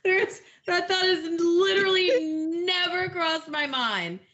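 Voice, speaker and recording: A woman's voice: very high-pitched, measured pace, fairly bright tone. A woman co-hosting a casual chat, blunt and sarcastic in manner. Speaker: podcast co-host. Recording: dull lo-fi recording.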